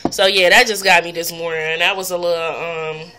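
A woman's voice: fairly low pitch, fairly even intonation, normal speed, sharp tone, smooth. A woman vlogger ranting bluntly and profanely to camera. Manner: blunt, profane, exasperated ranting with mocking impressions. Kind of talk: casual rant to camera.

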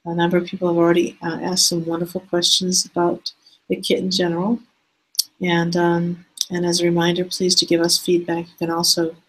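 A woman hosting an online teaching hangout over a video call, speaking in a hesitant, halting way and slowing down to spell out details. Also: fairly low pitch, husky, poor audio. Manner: hesitant, halting speech that slows down to spell things out. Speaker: host of an online teaching session.

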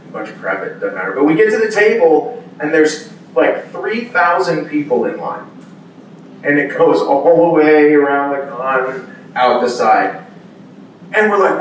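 A man who is a voice actor, answering fan questions at a convention panel and telling animated stories that act out what people said. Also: a little high, dull audio, slight background noise. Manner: animated storyteller, acts out quoted exclamations. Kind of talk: casual storytelling Q&A. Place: large convention hall. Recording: echoey hall audio from far off.

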